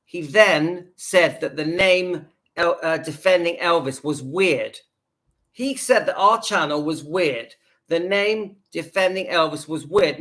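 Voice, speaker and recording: A man speaks in a notably high voice, hosting his own channel. He rants with indignant emphasis in a reaction video and keeps hammering the same points. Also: a bit bright. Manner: indignant, emphatic, repeats himself. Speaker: YouTube channel host.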